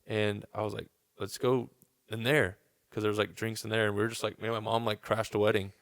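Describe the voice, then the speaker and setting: A man's voice: lowish voice, little pitch movement, brisk, gravelly, fairly bright tone, no room sound, clean studio sound. A young man casually telling a long story on a podcast, swearing and acting out what people said. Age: young adult. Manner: laid-back, swearing, acts out quotes.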